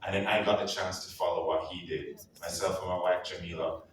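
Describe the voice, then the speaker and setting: A man from Jamaica with a Jamaican accent, telling playful, emphatic stories in a lively speech to a live audience. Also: low voice, brisk, a little hiss or hum. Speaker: guest speaker at an anniversary event. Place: large event hall. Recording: echoey hall, far from the mic. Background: piano playing.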